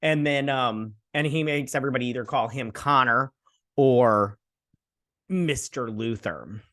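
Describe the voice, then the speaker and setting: A man hosts a casual episode review, recapping scenes in a loose, offhand way full of "um"s and side comments. His pitch sits in the middle of the range. The recording is dry and close, with no room echo. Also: unhurried, fairly bright tone. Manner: rambling, offhand, many fillers and asides. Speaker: host.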